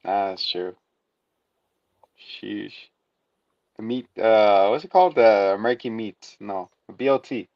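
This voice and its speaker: A man's voice: fairly low pitch, a little slow, vocal fry, long pauses, no room sound, muffled recording. A man co-hosting a casual comedic TV recap chat who laughs a lot and retells scenes in put-on voices. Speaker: podcast co-host.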